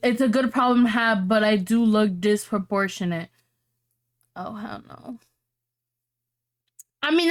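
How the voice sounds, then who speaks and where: Woman podcast co-host, slightly high-pitched, reads posts and reacts with loud, profane energy. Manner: brash, profane, animated reactions. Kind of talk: reading and reacting to online posts.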